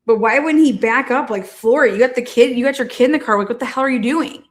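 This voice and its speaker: A fairly high-pitched woman comments on a trial in a loose, chatty way. She swears freely, laughs often, and speaks directly to her viewers. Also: fast. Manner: animated, profane, laughs often. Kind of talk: casual live commentary.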